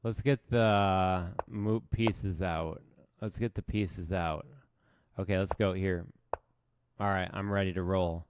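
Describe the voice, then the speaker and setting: Male chess streamer, low-ish voice, unhurried self-mocking play-by-play muttered to himself. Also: steady tone, clear, resonant tone, dry recording, clean studio sound. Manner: thinks aloud while playing, self-mocking. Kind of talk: casual live game commentary.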